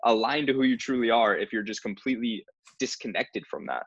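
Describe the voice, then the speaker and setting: Husky man, earnest, on a dull dry recording. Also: mid-range voice, fairly quick, fairly bright tone, no room sound. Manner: earnest, spiritual talk. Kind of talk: casual conversation.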